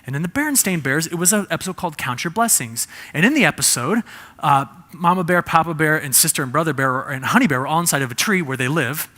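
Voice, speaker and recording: A man's voice: a little high, animated, fast, bright, forceful tone. A man giving a humorous presentation, quizzing the audience with shows of hands.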